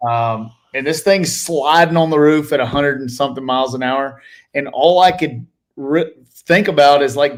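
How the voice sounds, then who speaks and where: A man co-hosting a racing podcast, himself a former racer, recalling crashes in a relaxed, chuckling way. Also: fairly high pitch. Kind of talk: casual chat.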